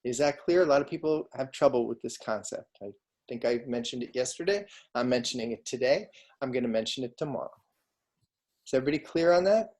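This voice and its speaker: A man's voice: medium pitch, expressive, fast, darkish tone. Conversational man lecturing over video call. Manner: conversational, asks students frequent questions. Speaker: law lecturer. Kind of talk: online lecture.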